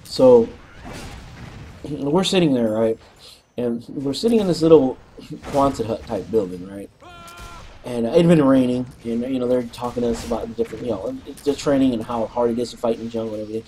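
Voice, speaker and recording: A man casually telling a rambling, animated story, clearing his throat often and swearing freely. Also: medium pitch, fairly quick, slight background noise. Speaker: co-op gaming channel host.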